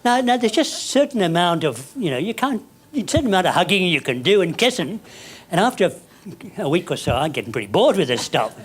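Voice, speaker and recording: An older man, telling a story to an audience in an animated, hammy way that climbs up to shouting. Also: high-pitched, fairly quick, husky.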